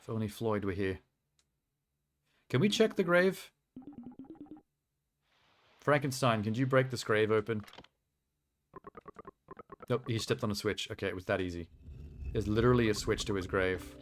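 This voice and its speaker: A man's voice: on the low side, lively intonation, normal speed, pauses often, slight background noise. A man streaming a video game, chatting casually and rambling through asides with a self-deprecating humor. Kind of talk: casual live-stream commentary.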